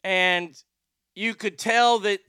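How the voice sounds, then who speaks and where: A man's voice: high voice, fairly even intonation, slow pace, sharp tone, clear, resonant tone, dry recording, studio quality. A man hosting a livestream, chatting casually and reading viewer comments in a rambling, profane way. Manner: rambling and profane, with frequent restarts.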